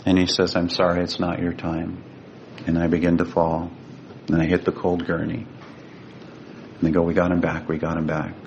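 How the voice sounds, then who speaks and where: An older man from California, a guest telling a personal story in an earnest, emotional way and slowing down for quoted speech. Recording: dull lo-fi sound with faint rumble.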